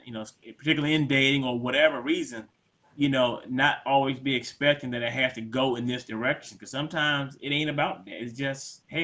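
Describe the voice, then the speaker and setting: Relaxed male co-host, bright open tone, thoughtful chat. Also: medium pitch. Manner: laid-back, reflective, acts out quoted lines. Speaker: podcast co-host. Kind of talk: casual conversation.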